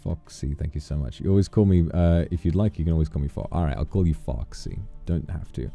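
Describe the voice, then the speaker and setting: A man's voice: a bass voice, fast, gravelly, dark tone, faint music behind. A male streamer chatting casually and playfully, bursting into mock-outraged rants and snatches of song. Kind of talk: casual live-stream chat.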